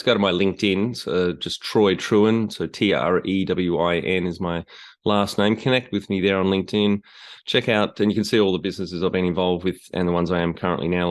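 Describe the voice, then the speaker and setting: A man from Tasmania with an Australian accent, a podcast guest telling stories in a relaxed way with some hesitations. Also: low voice. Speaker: podcast guest, business founder. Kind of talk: casual chat.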